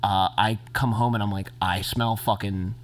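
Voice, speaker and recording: A young man in casual podcast chat, rambling with deadpan jokes and many restarts. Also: on the low side, normal speed.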